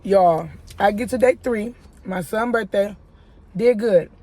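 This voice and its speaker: A woman in the middle of her pitch range, talking casually in a life-update vlog. She tells her story in a loose, chatty way, with plenty of fillers, and keeps turning to her viewers as y'all. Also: measured pace, warm tone. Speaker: YouTuber.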